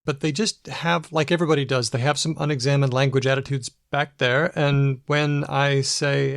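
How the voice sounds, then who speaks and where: A man's voice: on the high side, a little fast, gravelly, dry recording. Man co-host explaining research, dry sound. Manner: explanatory, discusses research studies. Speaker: podcast co-host. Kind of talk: casual chat. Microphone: video call.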